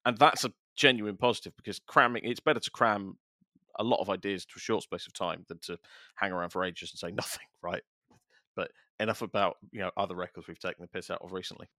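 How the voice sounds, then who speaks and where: A man's voice: deep voice, fast, sharp tone, no room sound, studio quality. A middle-aged man hosting a casual music podcast, talking in long rambling sentences with stammered restarts and a wry tone. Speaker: podcast host, music journalist. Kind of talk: casual chat.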